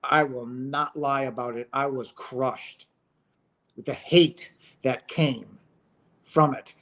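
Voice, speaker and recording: A man hosting his own channel, speaking in an emotional, impassioned monologue to his viewers, repeating phrases as he rants. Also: medium pitch. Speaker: channel host.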